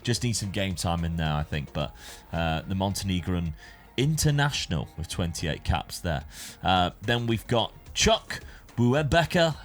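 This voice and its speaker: Man, low-ish voice, casual rambling game commentary, faint music behind. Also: expressive, measured pace, few pauses. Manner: chatty, rambling, self-correcting. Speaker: gaming YouTuber.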